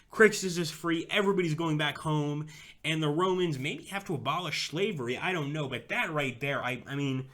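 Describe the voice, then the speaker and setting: Excitable young male game streamer, bright voice. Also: on the high side. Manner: excitable, swears freely. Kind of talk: live game commentary.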